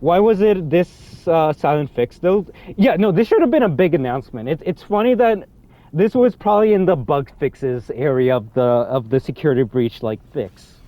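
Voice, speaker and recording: A young man giving excitable, rambling commentary over a game, swinging between low mutters and loud outbursts. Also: normal speed, dry recording, muffled recording. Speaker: gaming youtuber. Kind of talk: ranting gameplay commentary.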